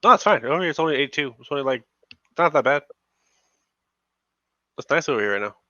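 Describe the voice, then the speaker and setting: A man's voice: on the high side, lively intonation, fast talker, sharp tone, no echo. A man as a podcast guest, chatting in a laid-back, teasing way over a video call. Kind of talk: casual chat. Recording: dull dry call audio.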